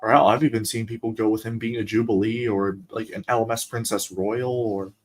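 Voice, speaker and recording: A man's voice: fairly low pitch, fairly even intonation. A young man from the eastern US, chatting casually on a stream, rambling and playful. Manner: rambling, playful, with quick put-on voices. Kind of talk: casual chat.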